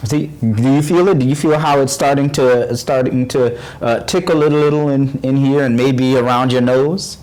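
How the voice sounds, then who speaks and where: A man's voice: mid-range voice, fairly even intonation, darkish tone, slight background noise. Patient, encouraging male voice teacher. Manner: patient, encouraging, demonstrates exercises; halting, restarts phrases often. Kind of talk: on-camera voice lesson.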